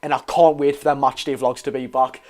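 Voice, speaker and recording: A man's voice: mid-range voice, brisk. Chatty Geordie man on a football stream. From North East England. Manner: chatty, excitable, reads out viewer comments. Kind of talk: live watch-along commentary and chat.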